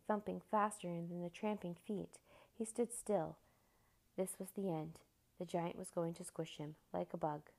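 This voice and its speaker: A woman reading a children's storybook aloud in a steady, expressive narration. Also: lowish voice, vocal fry.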